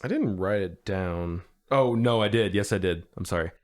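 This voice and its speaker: A man with a lower voice chats easily on a movie podcast. He backs up his co-host with short replies and laughs a lot. Now and then he adds his own notes on a scene. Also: normal speed. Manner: relaxed, laughs often, short agreeing replies. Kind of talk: casual movie review chat.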